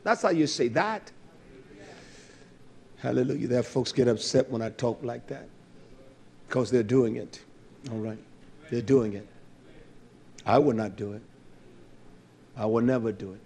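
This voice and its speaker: A man's voice: medium pitch, steady tone, normal speed, gravelly, long pauses, warm tone. A male preacher delivering a fervent, blunt sermon, repeating his phrases and calling out to the congregation.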